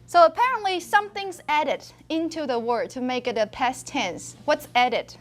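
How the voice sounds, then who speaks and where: Female linguistics lecturer, high voice, animated anecdotal classroom style. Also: normal speed. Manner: animated storyteller, laughs often.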